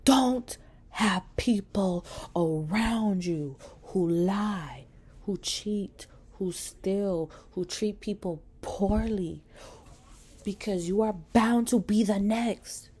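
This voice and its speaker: With drawn-out words and a mid-range, slightly rough voice, a female motivational vlogger speaks earnestly to her camera, lit by a selfie light. Her casual talk is heartfelt and sprinkled with swearing and the words "y'all" and "baby," and she often sinks into a hushed near-whisper.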